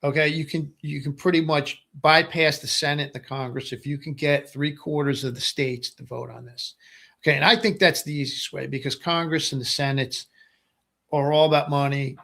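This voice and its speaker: This middle-aged webcast host has a high-leaning, gravelly voice that is bright and forceful, with fairly even intonation at a moderate pace. He rambles through a casual political monologue, repeating phrases and frequently asking "right?"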